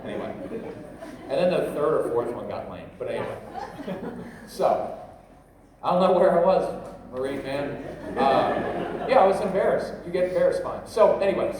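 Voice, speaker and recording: Joking middle-aged man in an echoey hall. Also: a little high. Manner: joking, rambling, talks straight to the audience. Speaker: parenting workshop speaker. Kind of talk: humorous workshop talk. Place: large convention hall. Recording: echoey hall, voice from a distance, faint noise.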